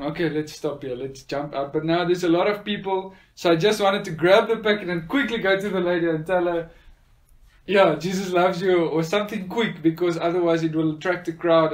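A man tells a personal faith testimony in an earnest, sincere way. His voice sits a little higher than most men's, and he often pauses on soft fillers as he gathers his thoughts. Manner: earnest, with frequent hesitant fillers. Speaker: speaker sharing a faith testimony.

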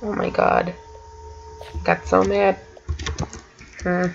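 Excitable woman gaming commentator. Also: medium pitch, drawn-out words, creaky, dull audio, a little hiss or hum. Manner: exclaims often, giggly and excitable. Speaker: gamer playing an adventure map. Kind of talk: let's play commentary.

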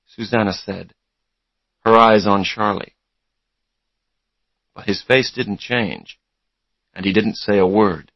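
A male narrator reads a story aloud for English learners, taking it slowly and clearly. His voice is somewhat low, and the recording is dry and close. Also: dry recording, muffled recording. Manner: slow, clear reading.

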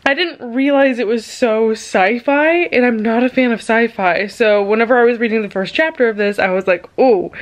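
A young woman vlogging about her reading in a chatty, rambling way, laughing often. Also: on the high side. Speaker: book vlogger. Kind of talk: casual chat.

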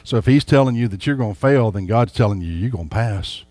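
Folksy pastor preaching. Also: male voice, lowish voice, expressive, fast, dark tone, no room sound. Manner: folksy, emphatic, addresses the congregation directly. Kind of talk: sermon.

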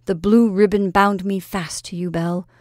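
A woman with a medium-pitched, darkish, everyday-sounding voice reads aloud from a storybook at a moderate pace with fairly even intonation, in a dry, close recording. She voices a proud young soldier who teases his sweetheart with playful bravado, boastful yet earnest.

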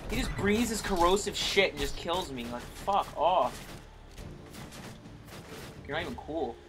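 A young man commenting on his own gameplay, frustrated, swearing a lot and yelling at enemies. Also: on the high side, expressive, a little slow, over music.

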